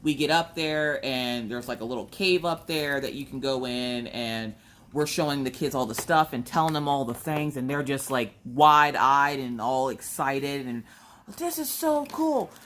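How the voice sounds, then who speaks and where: A woman, a young adult, casually chatting from home as a crafting channel host, telling a family story and acting out her own lines in a higher voice. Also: normal speed, slight background noise. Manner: animated, acts out her own quotes in a higher voice.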